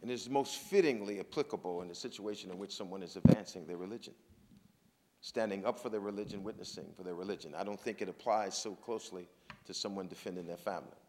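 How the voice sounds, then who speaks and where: A man with a fairly low voice gives a relaxed, conversational talk. He searches for words as he goes, in a loose and unpolished manner. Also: fast, a little hiss or hum. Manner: casual, searching, restarts. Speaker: symposium speaker.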